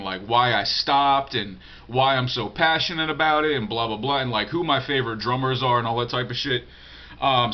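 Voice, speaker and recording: Profane, rambling man in a lo-fi vlog. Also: medium pitch. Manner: profane, digressive, blunt; repeats words and restarts often. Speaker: vlogger answering viewer email. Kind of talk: casual rambling monologue. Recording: dull lo-fi audio.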